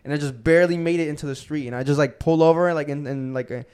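A young man hosting a podcast, telling a profane, animated story and acting out the quotes in casual chat. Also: a little high, quick pace, smooth. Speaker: podcast host.

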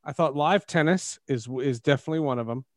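A man's voice: on the high side, fast talker, no echo, clean studio sound. A man co-hosting a sports podcast, rambling and emphatic. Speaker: podcast co-host. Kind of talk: casual sports chat.

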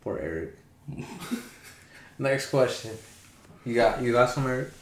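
A man's voice: mid-range voice, fairly even intonation, slow. A man co-hosting a podcast, teasing his friends and calling them bro. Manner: teasing, calls people bro. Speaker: podcast co-host. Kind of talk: casual chat. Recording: echoey room, distant mic, faint noise.

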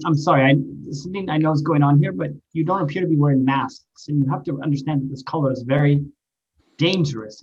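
A man's voice: a little high, breathy edge, lo-fi sound. A man voicing a nervous frontier doctor who stammers and pleads in a tabletop role-play. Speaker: player.

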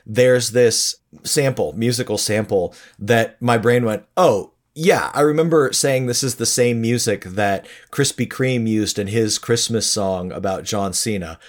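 A man's voice: on the low side, unhurried, few pauses. Laid-back man reviewing songs. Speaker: podcast co-host. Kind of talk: casual music review chat.

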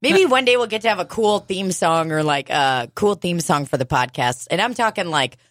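Brief: lowish-voiced woman podcast co-host, animated and profane, dry close sound. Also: moderate pace, dry recording. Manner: swears often, animated storyteller, laughs a lot. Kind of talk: casual chat.

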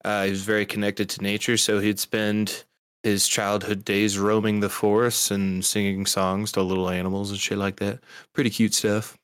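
A man playing in a tabletop game, describing his character in a relaxed, casual way. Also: lowish voice, normal speed, clean tone, no echo, clean studio sound. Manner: relaxed, casual, a little crude. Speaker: player.

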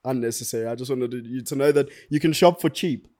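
A young man with a South African accent telling a long, animated story in casual chat, slangy and swearing freely. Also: mid-range voice, fast.

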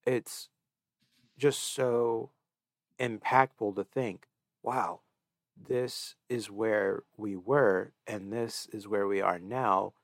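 Young guy talking on a podcast, sniffly and stuffed-up, kinda low and gravelly, dry close sound. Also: fairly even intonation, very slow, no room sound. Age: 20s. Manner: earnest, emotional, reflective. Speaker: podcast co-host. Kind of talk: casual chat.

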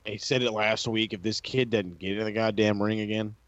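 A man rants animatedly and profanely about wrestling in a casual podcast chat. His voice sits a little low, and the recording is dry and somewhat dull and lo-fi. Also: steady tone, fairly quick, no echo.

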